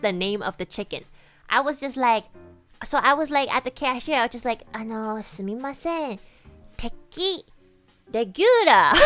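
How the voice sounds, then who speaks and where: A woman streamer telling a story in a rambling, animated way, full of "like" and laughter, with Japanese phrases mixed in. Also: a little high. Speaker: virtual streamer. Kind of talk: casual storytelling chat.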